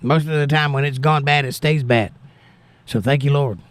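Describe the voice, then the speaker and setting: A man's voice: mid-range voice, steady tone, normal speed. A man hosting a casual livestream, reading viewer comments aloud and replying with a prayerful touch. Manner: prayerful, thanks God. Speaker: livestream host reading chat. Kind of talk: casual chat.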